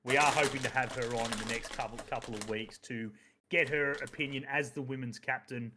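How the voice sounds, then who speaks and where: A man's voice: mid-range voice, fairly even intonation, a little fast, very noisy. Casual man hosting a podcast. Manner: rambling, swears freely, many fillers. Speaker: podcast host. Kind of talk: casual chat.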